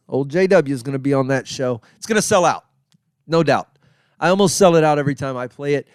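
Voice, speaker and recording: A man's voice: medium pitch, no echo, clean studio sound. A male comedian hosting his own podcast in a casual, rambling, joking solo monologue. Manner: rambling, joking, self-deprecating.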